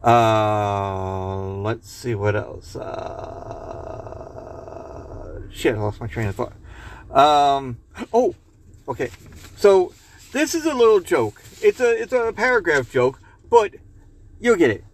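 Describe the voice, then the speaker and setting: Rambling, slow-talking male podcast host. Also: mid-range voice, sing-song. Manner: rambling, loose, swears and laughs at own jokes; reads a joke aloud. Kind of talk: casual chat.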